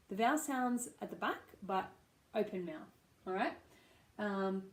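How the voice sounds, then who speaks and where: An Australian woman coaches pronunciation, modelling vowel sounds one by one. She speaks slowly and patiently, and her voice rings in an echoey room. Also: medium pitch, animated. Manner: slow, patient, demonstrating sounds. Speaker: accent coach. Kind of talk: pronunciation lesson.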